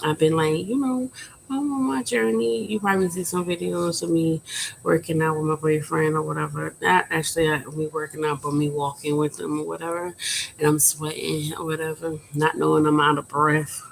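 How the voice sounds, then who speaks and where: A woman in her thirties talking frankly and at length in a personal vlog, keeping her voice quiet and subdued and rambling with many fillers. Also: low-pitched, flat delivery, brisk, gravelly, slight background noise, rough recording. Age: 30s. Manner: quiet, subdued speaking volume. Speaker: vlogger. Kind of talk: candid personal vlog talk.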